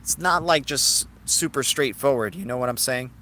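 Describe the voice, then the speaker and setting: A man's voice: medium pitch, moderate pace, bright, forceful tone. A man hosting a casual live stream, talking through ideas and answering viewers in the chat. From Cuban heritage. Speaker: crypto livestream host.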